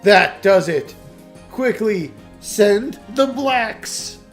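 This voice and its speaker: A man's voice: sits high, normal speed, darkish tone, faint music behind, pitched above the performer's own voice, close to an everyday voice. A man voicing a pompous, bossy male knight in a game playthrough, blustering and overly formal.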